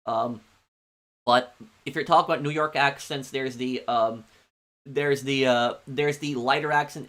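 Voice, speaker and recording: A man's voice: mid-range voice, steady tone, fairly bright tone. Rambling male game streamer. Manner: rambling, halting, many ums and restarts. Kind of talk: casual chat answering viewers.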